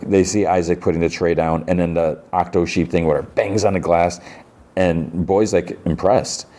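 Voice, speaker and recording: A podcast host talks through an episode in a relaxed, rambling way. His voice sits very low and sounds warm and dark. He strings scenes together with casual fillers. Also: moderate pace. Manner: chatty, retells scenes with lots of filler likes.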